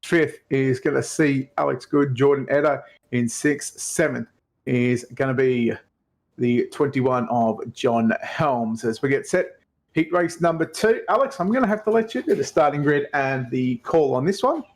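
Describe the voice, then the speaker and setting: A man co-commentating a sim race who builds excitement and calls the finishing order. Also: mid-range voice, unhurried. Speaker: co-commentator and driver. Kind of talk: sim racing play-by-play commentary.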